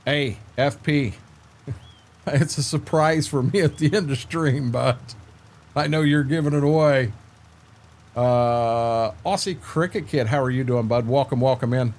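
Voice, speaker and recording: A man's voice: mid-range voice, a little slow, darkish tone. An older man chatting casually with viewers while streaming a farming game, laid-back and rambling, repeating words and filling gaps with "uh".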